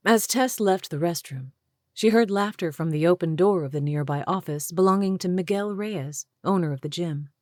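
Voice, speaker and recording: Low-voiced woman narrating an audiobook. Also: no room sound, studio quality. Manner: measured, even storytelling. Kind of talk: scripted narration.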